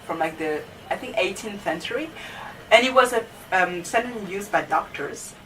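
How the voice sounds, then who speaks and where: A woman's voice: medium pitch, animated, moderate pace, pushed and bright. A young woman, a student, casually telling a story about her teachers, chatty and full of fillers like "you know". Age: young adult. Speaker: student vlogger. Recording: distant mic with faint background noise.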